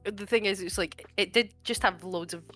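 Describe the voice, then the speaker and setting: A woman's voice: medium pitch, normal speed, bright, forceful tone, soft background music. A woman co-hosting a gaming podcast, chatting casually in a wry, blunt way. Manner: laughs often, wry and blunt. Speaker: podcast co-host. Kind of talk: casual chat.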